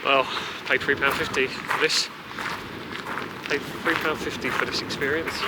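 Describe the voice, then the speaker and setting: A man chatting casually and excitedly to camera as a travel vlogger, driving and walking about. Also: mid-range voice, a little slow, very noisy. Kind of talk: casual travel vlog chat. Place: in a car and outdoors.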